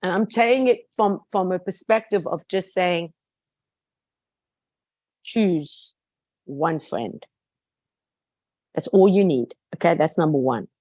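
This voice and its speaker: A woman's voice: fairly low pitch, normal speed, few pauses, darkish tone, no room sound. Earnest woman guest, dry close sound. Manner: earnest and emphatic, repeats words for stress. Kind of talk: heartfelt personal testimony in a conversation.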